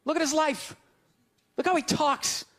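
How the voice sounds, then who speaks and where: A man doing a stand-up comedy set on stage, ranting loudly and jabbing sarcastically at the audience. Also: very high-pitched, fairly even intonation, unhurried, slight background noise.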